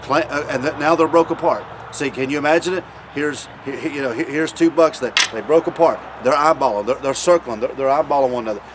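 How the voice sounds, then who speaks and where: A man giving a casual hunting demonstration in a folksy, repetitive way. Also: mid-range voice. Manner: folksy, repeats himself, pauses to demonstrate. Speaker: hunting video host. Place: outdoors. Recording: loud background noise outdoors.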